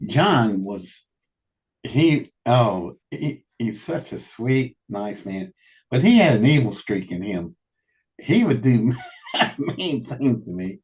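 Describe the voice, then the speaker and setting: A man telling animated anecdotes in a casual conversation, often laughing and quoting what people said. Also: mid-range voice, slow. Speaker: guest telling stories. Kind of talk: casual storytelling.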